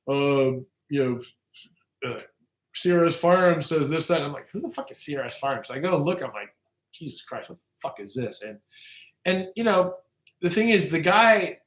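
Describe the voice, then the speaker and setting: A man's voice: fairly high pitch, a bit bright. Profane, rambling man on a livestream. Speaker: livestream guest. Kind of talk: casual livestream chat. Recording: echoey room.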